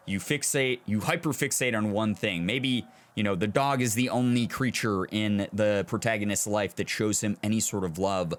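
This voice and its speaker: A young man hosting a gameplay video, thinking aloud in an animated and reflective way as he plays. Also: lowish voice, normal speed, few pauses. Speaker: gaming video host. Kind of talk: let's play commentary.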